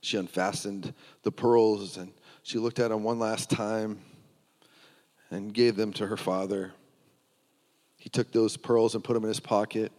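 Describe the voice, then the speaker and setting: A man's voice: fairly low pitch, fairly even intonation, measured pace, pauses often, darkish tone. A man preaching a sermon in a church, telling a story earnestly and often restarting his words. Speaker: pastor. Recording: long hall reverb.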